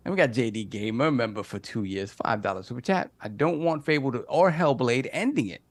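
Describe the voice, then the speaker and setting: A man's voice: mid-range voice, animated, brisk, dry recording. A man hosting a gaming podcast, reading out donor names and messages in casual chat and laughing often. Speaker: podcast host reading super chats.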